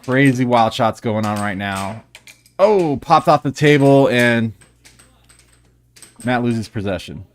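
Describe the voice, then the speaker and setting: A man's voice: medium pitch, expressive, slow, long pauses. A man doing live play-by-play commentary on an air hockey match in a joking, playful manner.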